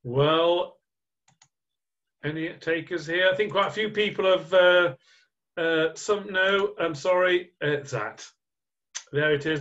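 A man's voice: a little high, slow pace, long pauses, fairly bright tone. A man presenting a marketing webinar as a quiz, chatty and jokey, teasing his online audience. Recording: dull lo-fi webinar audio.

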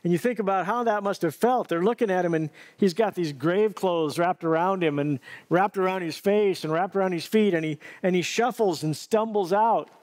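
A man's voice: high voice, moderate pace, hardly any pauses, darkish tone. A middle-aged man preaching a sermon, telling a story vividly and earnestly, often restarting his phrases. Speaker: pastor.

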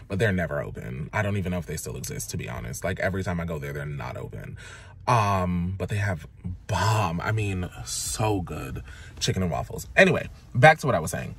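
A lower-voiced man from Jamaica talks straight into his handheld camera as a casual food vlogger. He is dramatic and sassy, swinging between big exclamations and quiet grumbles. A faint hiss of background noise sits under his voice. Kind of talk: casual chatty vlog. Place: in a car, out and about, then at home. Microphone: handheld camera or phone.

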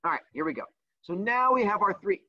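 A man's voice: sits high, big pitch swings, fairly quick, pushed and bright, no echo. A man teaching a livestreamed class, teasing his students in a sassy, playful way. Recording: dull lo-fi dry sound.

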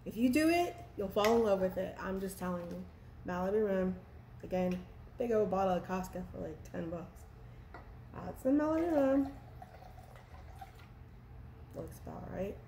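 A chatty woman talks casually and teases herself as she demonstrates a drink. Her voice sits at an ordinary middle pitch. The room is echoey, with a faint hum of ambience behind her. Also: animated, moderate pace, long pauses, warm tone. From Texas. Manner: chatty, playful, laughs at herself. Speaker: vlogger. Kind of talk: casual cocktail how-to vlog.

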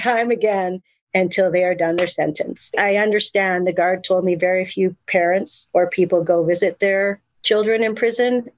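A woman's voice: lowish voice, no room sound. Candid middle-aged woman, dull dry sound. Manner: candid, animated, frequent fillers and restarts. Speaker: guest, mother of incarcerated sons. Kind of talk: emotional personal storytelling.

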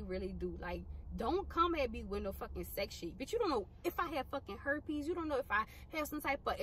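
A woman's voice: medium pitch, a little hiss or hum. A young woman, chatting bluntly and casually to her viewers, swearing freely. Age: young adult. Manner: blunt, profane and animated. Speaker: vlogger. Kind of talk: casual chat.

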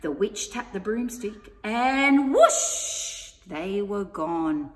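Slow, sing-song woman reading a picture book. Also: medium pitch, lively intonation. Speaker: story time reader. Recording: echoey room with long reverb.

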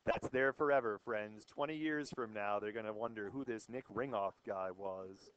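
A man's voice: fairly low pitch, moderate pace, a bit bright, lo-fi sound, a little hiss or hum. A young male math teacher giving a jokey, playful lecture to a classroom of students on an old microphone. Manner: playful, wisecracking, theatrical.

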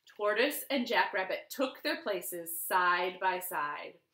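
A woman librarian giving an expressive storytime read-aloud from her living room. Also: medium pitch, slow, echoey room. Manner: expressive, lively storybook reading. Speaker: children's librarian.

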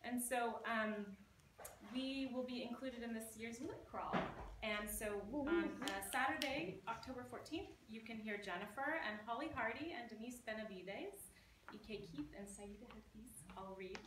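A woman's voice: fairly high pitch, normal speed. A Scottish woman introducing a book as the press editor, chatty and hesitant with many fillers. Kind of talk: casual speech and poetry reading at a book party. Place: bookstore event. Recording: echoey room, distant mic, noisy.

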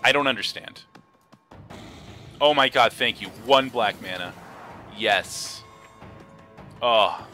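A young man giving casual, excitable commentary on his own card game, swinging from low mutters to high yelps, laughing and swearing. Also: slow, long pauses, soft background music. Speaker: gaming video host.

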